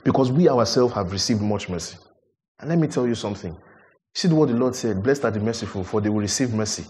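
A man preaching a sermon, animated, building to emphatic peaks and questioning his listeners. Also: lowish voice, quick pace.

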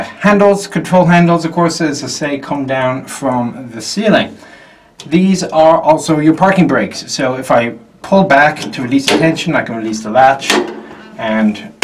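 A man's voice: mid-range voice, background noise. Man giving a dry, wry tank tour. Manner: dry wry humor, conversational explaining. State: sweating on a hot day. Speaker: tank historian presenter. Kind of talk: informal walk-through tour. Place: inside a tank hatch, outdoors. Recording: distant backup mic.

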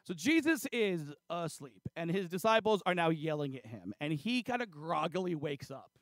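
A man's voice: on the high side, sing-song, moderate pace, a bit bright, dry recording. A man preaching a casual, chatty sermon, retelling a story with lots of fillers and acted-out dialogue. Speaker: pastor. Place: church.

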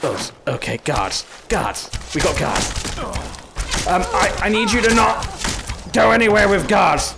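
A man's voice: high voice, lively intonation, a little slow, vocal fry, noisy background. A man giving comedic let's-play commentary, scolding and fussing over an in-game companion in an exasperated way. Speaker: gaming YouTuber.

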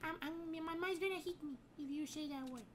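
A stammering, whiny little boy, squeaking in a very high voice and repeating his words. He calls for his mama and swears he's a grown man. A steady hiss of background noise runs under his voice. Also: a little fast. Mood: childish, whiny. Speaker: game streamer. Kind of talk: comedic gameplay role-play.

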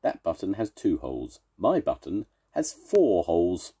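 Grandpa putting on a cranky toad, fussy and complaining, husky. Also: male voice, low voice, huge pitch swings, unhurried, warm tone, heavily acted. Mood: fussy complaint. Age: older. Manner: complaining, raising his voice when upset. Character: grumpy fussy male toad.

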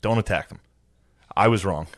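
A man with a low voice telling a rambling, profane story in a relaxed podcast chat. He drops swear words freely and slips into quick put-on voices of other people. The sound is dry and close, with no room echo. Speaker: podcast co-host.

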